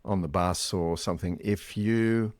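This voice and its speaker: A man co-hosting a podcast in casual chat, relaxed and wry, with some hesitation. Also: low-pitched, measured pace, no room sound, clean studio sound. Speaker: podcast co-host.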